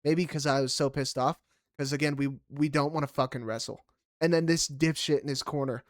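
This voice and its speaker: A man co-hosting a casual fight recap podcast, animated, swearing freely and laughing loudly. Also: a little high, brisk, no room sound, clean studio sound. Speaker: podcast co-host.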